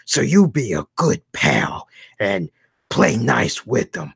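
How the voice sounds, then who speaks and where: A man doing Spike, a gruff cartoon bulldog. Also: medium pitch, very animated, slow pace, no echo, studio quality, pitched below the performer's own voice, heavily acted. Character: gruff male cartoon bulldog, protective father.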